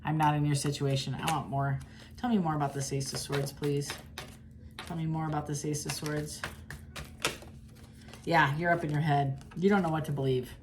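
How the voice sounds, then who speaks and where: A woman's voice: low voice, fairly even intonation, moderate pace, long pauses, background noise. A woman giving a casual tarot reading straight to her viewers, chatty and blunt, often restarting her sentences. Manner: chatty and blunt, with frequent restarts and sudden laughs. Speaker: tarot reader.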